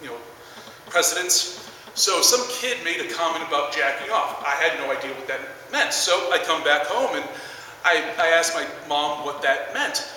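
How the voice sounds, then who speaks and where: A man's voice: a little high, expressive, moderate pace, sharp tone, heavy reverb, in a large hall, far from the mic, slight background noise, low-quality recording. A man in his twenties doing stand-up, rambling through a story with lots of fillers. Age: 20s. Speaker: stand-up comedian. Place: large theater stage.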